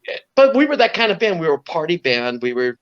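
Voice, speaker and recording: A middle-aged man from Southern California, a guest musician telling lively stories in an interview, acting out voices and laughing often. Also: a little high, fast. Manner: animated storyteller, acts out voices, laughs often. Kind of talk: storytelling in an interview. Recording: dull lo-fi audio.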